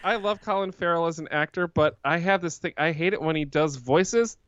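A man's voice: on the high side, brisk, a bit bright, clean tone, no echo, muffled recording. A man co-hosting a casual movie podcast, talking bluntly, cursing freely and joking. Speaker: podcast co-host.

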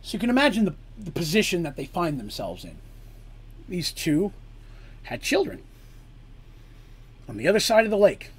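A man's voice: high-pitched, normal speed, long pauses, breathy edge. Man reading a fantasy story aloud. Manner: expressive, adds asides to listeners.

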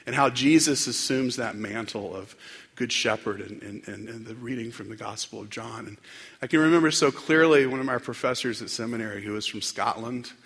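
Gravelly man preaching in a reverberant hall. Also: mid-range voice, a bit bright. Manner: reflective, unhurried, with frequent fillers and restarts. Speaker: pastor. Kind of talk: sermon. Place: church sanctuary.

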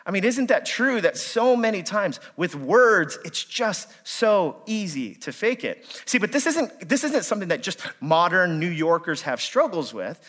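A man, preaching a sermon and telling stories with lively swings in voice as he acts out his own replies. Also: high-pitched, measured pace, hardly any pauses. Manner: animated storytelling, acting out his own angry replies. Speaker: pastor.

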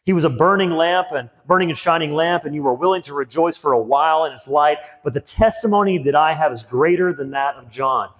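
A man's voice: a little high, fairly quick, hardly any pauses, fairly bright tone. A middle-aged man preaching a sermon as a pastor, earnest and emphatic, repeating key phrases. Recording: long hall reverb.

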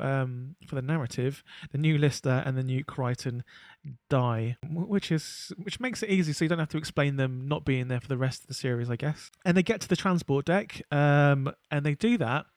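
A man's voice: fairly high pitch, darkish tone, no room sound. A man co-hosting a podcast, chatting casually and rambling with lots of restarts and fillers. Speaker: podcast co-host. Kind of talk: casual chat.

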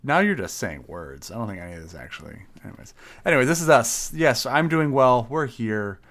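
A man's voice: lowish voice, sing-song, fairly quick, a bit bright. A young man co-hosting a casual podcast, joking back with wry, playful remarks. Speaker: podcast co-host.

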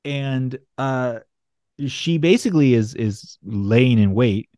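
A man's voice: mid-range voice, expressive, takes it slowly, dark tone, no echo, clean studio sound. A man casually recapping a comic book on a podcast, rambling and swearing as he jokes through the story. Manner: rambling, profane, jokey storytelling. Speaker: podcast host.

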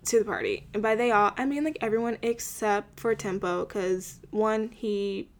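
A woman's voice: mid-range voice, expressive, normal speed, darkish tone. Chatty young woman recapping a show. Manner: chatty, lots of filler words, wry asides. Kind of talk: casual episode recap.

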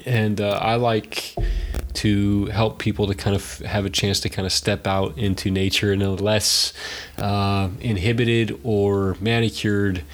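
A man's voice: lowish voice, little pitch movement, a little slow. A man who runs a survival school, talking in a casual interview in a rambling, reflective way. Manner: rambling, reflective, searching for words. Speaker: survival school owner and instructor.

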